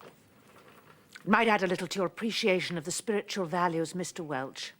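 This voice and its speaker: A woman's voice: on the low side, moderate pace, close to an everyday voice. An actress playing a desperate woman abandoned by her lover, clipped, formal and bitterly ironic. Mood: cold. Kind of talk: 1990s television drama acting.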